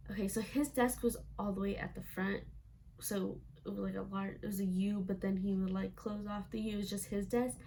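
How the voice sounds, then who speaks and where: A young woman tells a casual storytime vlog at home, chatty and sprinkled with "like" fillers as she acts out what people said. Her voice carries plenty of vocal fry, and a faint hiss sits behind it. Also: mid-range voice. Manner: chatty, frequent "like" fillers, acts out quoted lines. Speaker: vlogger.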